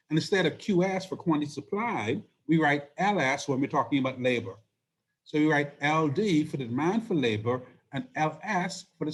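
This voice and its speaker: Hoarse male economics lecturer. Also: a little high. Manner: explanatory, asks rhetorical questions. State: hoarse, losing his voice. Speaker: economics instructor. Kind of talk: recorded lecture.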